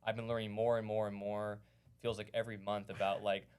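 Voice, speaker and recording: A man's voice: fairly low pitch, little pitch movement, a little fast, a little mellow, smooth. A man talking as a guest on a casual podcast, explaining his venue management work step by step with enthusiasm.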